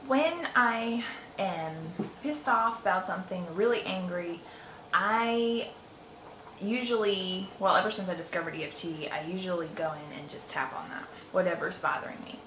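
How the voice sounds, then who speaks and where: A woman's voice: lowish voice, normal speed, fairly bright tone. A woman talking casually to camera as a self-help vlogger, telling a story in a chatty, rambling way with lots of fillers. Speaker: self-help vlogger teaching EFT tapping. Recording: roomy echo with faint noise.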